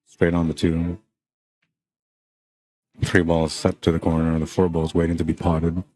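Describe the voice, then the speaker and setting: A man's voice: sits low, monotone, a little slow, mellow. A man commenting live on a pool match for a stream, chatty and greeting viewers by name between shots.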